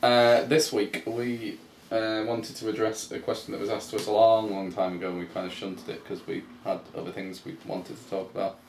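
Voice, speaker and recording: A man co-hosting a podcast in casual chat, easygoing and quick to laugh along. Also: fairly low pitch, little pitch movement, a little mellow. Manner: easygoing, laughs along and reads listener questions. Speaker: podcast co-host. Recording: roomy echo, faint background hiss.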